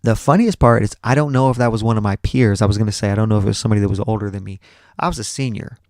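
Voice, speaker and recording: Low gravelly man telling profane stories. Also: racing, a little mellow, no echo, studio quality. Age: 30s. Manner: rambling, profane, restarts often. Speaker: podcast host. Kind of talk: casual storytelling.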